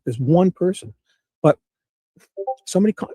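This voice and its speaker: A man hosting a casual livestream, reading court documents aloud and rambling excitedly to his chat. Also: mid-range voice, moderate pace, slightly rough, no echo. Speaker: livestream host.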